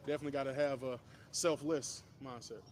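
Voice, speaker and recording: A man's voice: mid-range voice, fairly even intonation, brisk, a little mellow. A man, a professional football player, earnestly explaining his approach in an interview, with many "you know" fillers. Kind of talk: answering interview questions.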